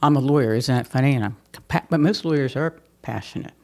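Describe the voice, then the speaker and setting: An older woman, telling stories from her life as a mayor in a lively, laughing way, often repeating words as she restarts. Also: rumbling low, fast talker, faint music behind. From Pennsylvania. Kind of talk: conversational storytelling interview.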